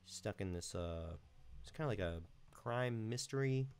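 Male live-stream host with a low voice, laid-back and meandering, from home. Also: measured pace, noisy background. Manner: relaxed, rambling, with many fillers. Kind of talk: casual live-stream chat.

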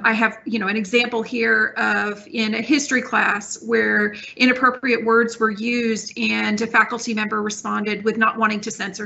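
A woman's voice: a little high, creaky, pushed and bright. A woman university administrator giving a careful, composed response at a town hall. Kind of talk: formal prepared response.

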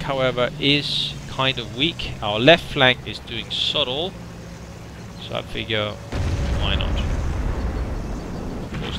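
A man's voice: mid-range voice, creaky. Wry man commentating gameplay. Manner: wry, dry humor, self-deprecating. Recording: noisy game audio underneath.

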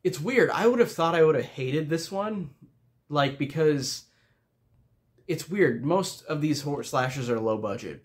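Man, mid-range voice, casual vlog film reviewer, rambling and filler-heavy, chatty and amused. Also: medium pitch. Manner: rambling, with many fillers and restarts.

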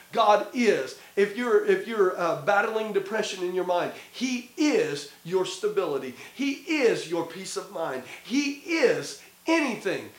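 A man with a Midwestern American accent teaches scripture in a short video, his voice sitting high. He hammers his points by repeating words emphatically. The sound carries the echo of a roomy space. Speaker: pastor.

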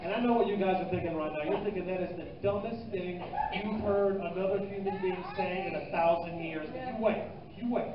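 A man's voice: sits high, brisk, hardly any pauses. A man doing a stand-up comedy set, loose and profane, teasing the crowd in a live club. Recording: echoey, distant, muffled club recording with noise.

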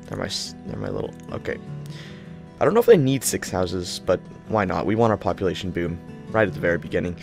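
A young man giving excitable gameplay commentary, yelling in panic and triumph. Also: sits low, fast talker, creaky, faint music behind. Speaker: gaming channel host.

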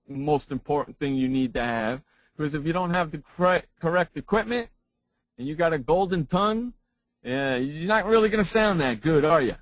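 A man's voice: fairly high pitch, no echo, low-quality recording. A man who hosts a sports talk radio show, giving a seminar presentation on broadcasting and repeating his points for emphasis into his own broadcast microphone.

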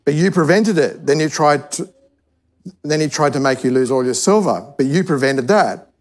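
In an animated, slightly high voice at a moderate pace, a man teaches a sermon to his church congregation by telling a parable. He keeps it easygoing and conversational, frequently starting his sentences over.

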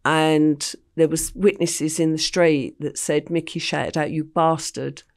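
An older English woman, appearing as a podcast guest, tells her life story plainly and unhurriedly with frequent ums. Her voice is low-pitched and her tone stays level.

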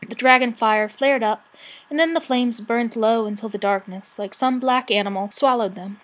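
A woman reading a children's fantasy novel aloud with expressive, measured narration. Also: on the high side, rough recording.

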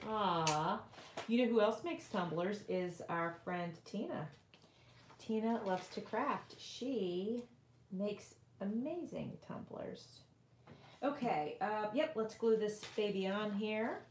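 A woman's voice: medium pitch, takes it slowly, darkish tone, reverberant, slight background noise. A middle-aged woman hosting a casual crafting livestream from her home craft room, chatting and rambling as she works and reads viewers' comments aloud.

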